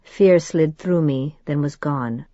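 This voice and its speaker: A woman reading a first-person audiobook in a measured, steady storytelling manner. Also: low-pitched, dry recording, lo-fi sound. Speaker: audiobook narrator.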